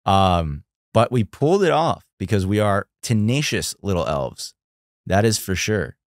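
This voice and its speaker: A young man hosting a casual livestream, chatty and animated, talking to his viewers. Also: on the low side, measured pace, no room sound, clean studio sound. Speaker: livestream host.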